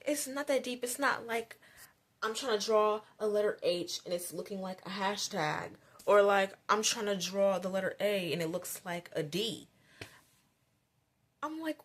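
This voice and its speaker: With an unhurried, medium-pitched voice, a woman vlogger chats her way through a story from her childhood. She rambles, scattering fillers and countless "like"s, and grows increasingly animated.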